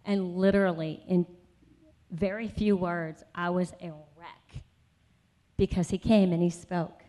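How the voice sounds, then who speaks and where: A woman's low, dark, steady voice moves at a measured pace as she preaches a sermon at a conference session. She relates her personal testimony conversationally, full of asides, and rises to emphatic conviction.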